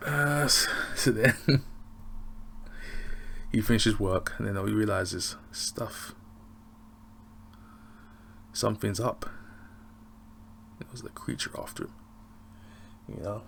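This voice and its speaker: Pria beraksen Inggris dengan suara serak rendah. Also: male voice, on the low side, slow pace, creaky, long pauses, fairly bright tone, a little hiss or hum. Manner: slangy, chuckling, rambling. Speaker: TV review vlogger. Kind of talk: casual review chat.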